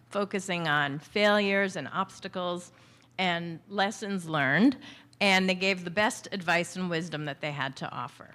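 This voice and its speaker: A woman's voice: fairly low pitch, pushed and bright. A woman speaking as an author, telling a story to an audience in a chatty way with many fillers.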